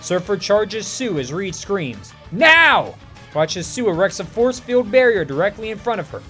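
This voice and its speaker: Animated male narrator for a superhero fan tale, high and expressive. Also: normal speed, faint music behind. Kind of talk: reading a superhero fan story aloud.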